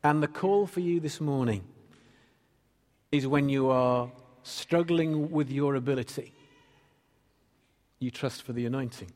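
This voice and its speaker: A man's voice: mid-range voice, unhurried, pauses often, a little mellow, long reverb tail. A man preaching a sermon as pastor, earnestly reading and explaining scripture.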